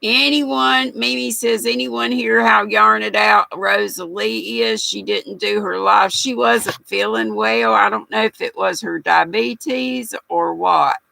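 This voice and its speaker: Gravelly older woman chatting. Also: mid-range voice, fairly even intonation, slow pace, few pauses, sharp tone, dry recording, rough recording. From United States. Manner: chatty, folksy, reads viewer comments aloud and laughs often. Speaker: livestream host. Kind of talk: casual livestream chat reading comments.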